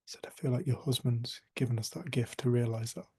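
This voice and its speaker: Mellow and husky, this middle-aged man speaks at medium pitch and a little fast while facilitating a group on a video call. He tells a personal story earnestly and sincerely, often lowering his voice to nearly a whisper.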